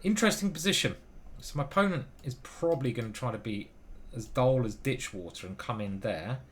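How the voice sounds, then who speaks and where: A man's voice: mid-range voice, lively intonation, brisk. Guy rambling thru his chess game live, bouncy up and down voice, swears a bit. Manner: chatty, swears casually, thinks aloud. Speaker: chess grandmaster streamer.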